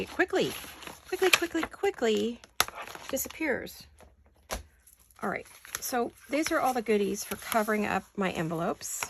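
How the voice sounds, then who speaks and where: A woman's voice: mid-range voice, noisy background. An American woman hosting a casual craft chat, thinking aloud and gushing over pretty paper as she cuts it at her desk at home. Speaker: craft channel host.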